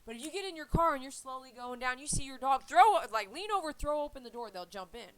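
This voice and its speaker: A woman's voice: high voice, animated, fast talker, a bit bright, low-quality recording. A woman who grooms dogs, talking casually and earnestly to her viewers about faith, rambling and repeating herself. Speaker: dog groomer and channel host.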